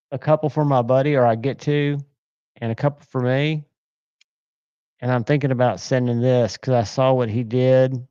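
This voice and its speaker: A man's voice: medium pitch, mellow, smooth, dry recording, lo-fi sound. A man hosting a casual livestream, chatting in a rambling, enthusiastic way. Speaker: livestream host. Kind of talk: casual chat.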